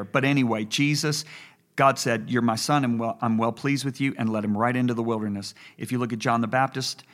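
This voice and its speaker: A man in his sixties, a pastor co-hosting a faith talk show, telling stories and acting out dialogue as he preaches. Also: medium pitch. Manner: storytelling, animated retelling of dialogue. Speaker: pastor and co-host. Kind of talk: preaching conversation.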